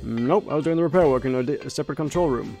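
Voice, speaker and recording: A man doing a gruff grumbling mechanic. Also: racing, darkish tone, faint music behind, close to an everyday voice. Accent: attempted Australian. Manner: curt, grumbling, low put-on voice. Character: gruff young male mechanic, grumpy and blunt. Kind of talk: voicing game dialogue in a let's play.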